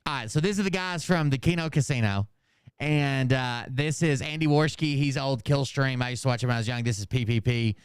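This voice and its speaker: Brisk and resonant, the man's medium-pitched voice comes through clear on a dry, clean studio recording. He's running a commentary channel in a relaxed, wandering way. He often forgets names and curses in passing.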